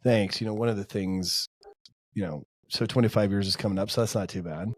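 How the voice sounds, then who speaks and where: A man's voice: on the low side, brisk. A man in his forties, a podcast guest, talking in an earnest, heartfelt way with lots of casual fillers. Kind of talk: casual interview chat.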